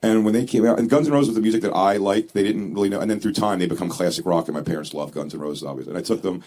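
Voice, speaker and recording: A man co-hosting a comedy podcast in a radio studio, bantering and teasing quickly. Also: low-pitched, darkish tone. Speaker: podcast co-host. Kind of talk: casual comedy podcast chat.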